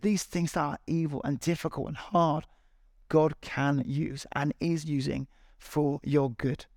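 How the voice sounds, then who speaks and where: A man's voice: fairly high pitch, steady tone, unhurried, a little mellow, no room sound, clean studio sound. A man preaching a sermon to a large congregation, earnest and encouraging, with repeated appeals. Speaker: pastor. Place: large church hall.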